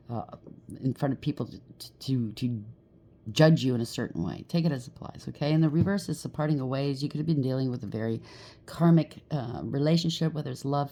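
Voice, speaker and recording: Low gravelly woman reading tarot. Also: mellow. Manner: chatty, repeats "okay?" and "right?" to the viewer. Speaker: tarot reader. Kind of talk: casual tarot card reading.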